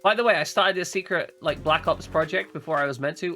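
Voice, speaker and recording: A male game streamer chats casually, joking, cursing and tripping over repeated words. His voice is fairly high and very bright, with a tense, forward edge. Faint music plays underneath. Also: a little fast. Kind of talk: casual chat.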